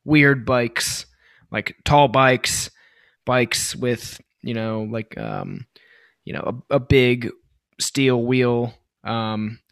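Rambling man, hoarse from yelling. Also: mid-range voice, very animated, drawn-out words, no echo, studio quality. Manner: loose rambling talk with many fillers and swearing. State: voice worn from yelling. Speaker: podcast co-host. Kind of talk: casual chat.

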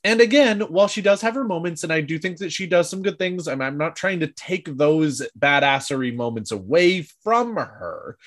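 A man co-hosting a casual podcast discussion, animated and often laughing, acting out quoted lines. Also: a little high, moderate pace, few pauses. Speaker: podcast co-host.

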